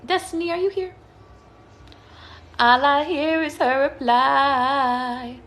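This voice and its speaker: Bright-voiced woman giving a live tarot reading. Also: high-pitched, fairly even intonation, slow pace. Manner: chatty, emphatic, swearing freely, addresses viewers by name. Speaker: tarot reader on a livestream. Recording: echoey room with faint noise.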